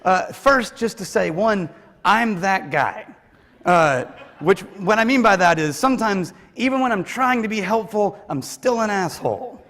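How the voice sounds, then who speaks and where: A man with a fairly high voice gives a conference talk in a big hall, and his words ring with long reverb. He talks in a joking, conversational way and pokes fun at himself. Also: expressive, a little slow, fairly bright tone. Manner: joking, conversational, self-deprecating. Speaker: conference speaker. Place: large hall with audience.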